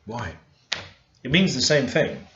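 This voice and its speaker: A man's voice: medium pitch, very animated, takes it slowly, a bit bright, slight background noise. A man working through a grammar lesson over a screen recording, thinking aloud and stressing the words in his example sentences. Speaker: language learner teaching. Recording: echoey room, dull lo-fi sound.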